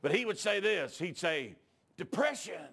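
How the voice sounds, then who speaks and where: Preacher guy, raspy and kinda high, tells stories then hollers. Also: animated, normal speed. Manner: folksy rural talk that rises into shouting. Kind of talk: revival sermon with storytelling. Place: church.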